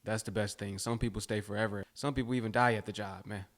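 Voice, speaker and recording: Gravelly low-voiced male commentator. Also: fairly even intonation, quick pace. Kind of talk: reaction commentary.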